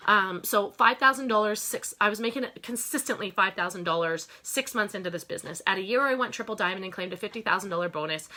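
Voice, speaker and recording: A woman's voice: mid-range voice, sharp tone. A woman business owner giving an emphatic motivational talk, repeating phrases for effect and calling her listeners "you guys". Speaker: network marketing business owner.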